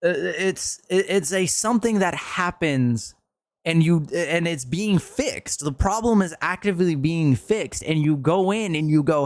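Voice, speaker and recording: A man's voice: a little high, lively intonation, measured pace, no echo, clean studio sound. A man who streams, ranting in a commentary video, frustrated and swearing often, his voice jumping up sharply when worked up.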